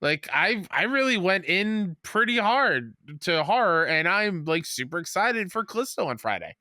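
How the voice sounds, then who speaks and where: A man co-hosting a casual gaming podcast, enthusiastic and quick to laugh. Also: sits high, big pitch swings, sharp tone, no room sound, studio quality. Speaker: podcast co-host.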